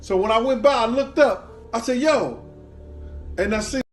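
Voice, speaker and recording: A man's voice: very high voice, fairly quick, soft background music. A man telling a casual anecdote in slangy speech, stumbling and repeating words as he laughs his way through it. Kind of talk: casual storytelling.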